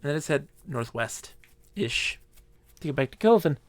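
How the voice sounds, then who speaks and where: A drunk man streams a game live, rambling and giggling through his commentary, now squealing, now murmuring. His voice is fairly high and animated, a bit slow, and the recording is dry.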